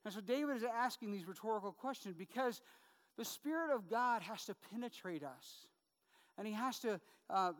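A man preaching a sermon as a pastor, talking in a loose, conversational way with fillers and rhetorical asides. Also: high-pitched. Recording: long reverb of a hall.

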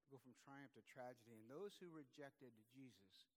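A pastor in his forties preaching a sermon, swinging from loud, emphatic peaks to quiet, low passages. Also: moderate pace. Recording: long hall reverb.

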